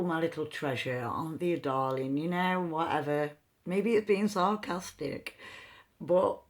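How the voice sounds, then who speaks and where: A rune reader giving a meandering, free-associating reading with chatty asides. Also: mid-range voice. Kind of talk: slow intuitive card-style reading.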